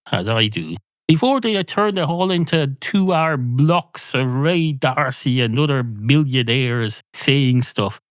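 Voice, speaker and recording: A man's voice: medium pitch, no echo. A middle-aged Irish man hosting a podcast alone, rambling through a sardonic comic monologue. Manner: sardonic, rambling, puts on mock radio voices. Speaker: podcast host.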